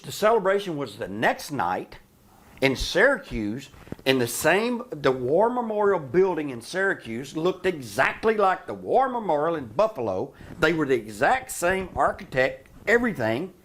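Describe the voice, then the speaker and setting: A man telling wrestling-career stories in an interview, animated and profane, laughing often. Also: on the high side, normal speed. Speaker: interview guest, retired wrestler. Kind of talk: shoot interview storytelling.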